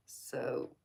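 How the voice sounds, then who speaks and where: A woman's voice: darkish tone, slight background noise. A woman with a Southern US accent, a tarot reader hosting a casual livestream chat, teasing viewers and calling them baby.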